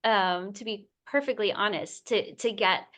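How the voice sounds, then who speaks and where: A middle-aged woman author in a casual interview, talking emotionally and effusively, with many pauses and fillers. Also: mid-range voice, fairly bright tone. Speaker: picture book author, guest.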